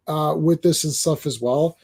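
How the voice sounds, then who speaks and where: Brief: male host, a little high-pitched, mellow tone, casual rambling review, lots of ums and restarts. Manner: halting, many restarts and filler ums. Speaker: podcast host. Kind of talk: casual chat reviewing a cartoon.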